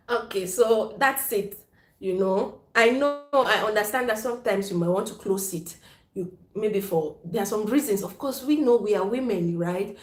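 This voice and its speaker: Chatting casually with viewers on her live stream, this woman speaks at medium pitch and a moderate pace. The room echoes, and she comes across frank and playful, laughing a lot and slipping Pidgin into English.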